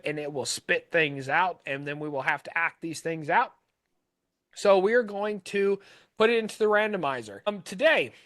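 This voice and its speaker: A man's voice: high-pitched, pushed and bright, no room sound. An American man co-hosting a podcast, chatting enthusiastically and steering the conversation into the next segment. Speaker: podcast co-host. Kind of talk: casual chat.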